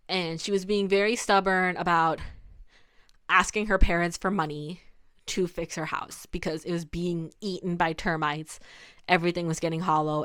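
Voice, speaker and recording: Chatty young woman, smooth voice. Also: fairly low pitch, a bit bright. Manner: chatty, many "like" fillers and restarts. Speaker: video essay host. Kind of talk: casual commentary.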